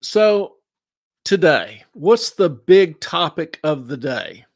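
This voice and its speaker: A man's voice: on the high side, very animated, slow, no echo, studio quality. A man hosting a money show, explaining investing in a folksy way by asking questions and answering them himself. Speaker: show host, investment adviser. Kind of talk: explaining investing in a studio chat.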